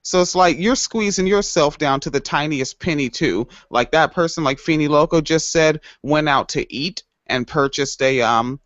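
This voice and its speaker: Sarcastic swearing man, higher voice. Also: moderate pace, few pauses, fairly bright tone, no echo. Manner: sarcastic, swearing, loose rambling. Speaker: podcast co-host. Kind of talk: casual chat. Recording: dull lo-fi sound.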